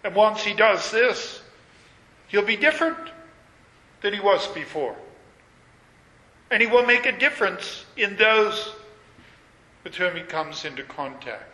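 A man preaching a sermon, measured and emphatic, leaning on repetition. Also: high voice, lively intonation, sharp tone. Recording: echoey hall with long reverb.

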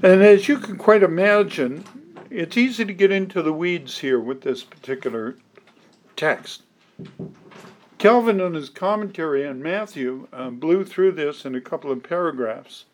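Emphatic preacher, a man with a higher voice. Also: lively intonation, a little hiss or hum. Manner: deliberate, emphatic, reads scripture aloud in old wording. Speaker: pastor. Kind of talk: expository sermon.

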